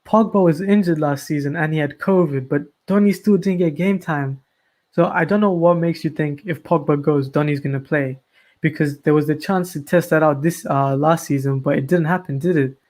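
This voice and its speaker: A man co-hosting a casual football podcast, making measured counterpoints. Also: fairly high pitch, a little mellow. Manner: measured, plays devil's advocate. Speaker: podcast co-host.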